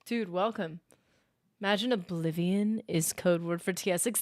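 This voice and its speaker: A young adult woman hosting a casual gaming livestream, chatty and excitable, reading chat aloud and reacting. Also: fairly low pitch, a little slow. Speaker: livestream host.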